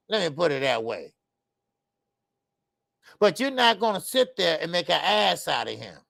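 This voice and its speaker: A boxing show host rants in a heated talk-show style, fired up, repeating his points and speaking straight to viewers. His medium-pitched voice has vocal fry and a bit of brightness, captured in a dry recording.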